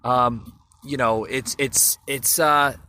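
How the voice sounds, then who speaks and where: A man's voice: mid-range voice, fairly even intonation, slow, sharp tone, slight background noise. A man hosting a solo podcast, rambling through the news with many fillers and restarts and talking straight to his listeners. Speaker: podcast host. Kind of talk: casual solo podcast commentary.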